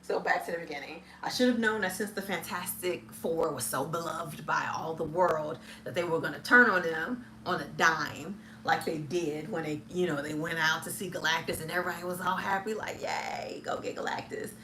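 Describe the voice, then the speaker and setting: Speaking fairly quickly with few pauses, this woman has a deep voice that sounds pushed and bright. She's a film reviewer hosting a casual movie chat, chatty and hesitant, tripping over words, leaning on ums and often laughing. A little hiss or hum sits under the audio.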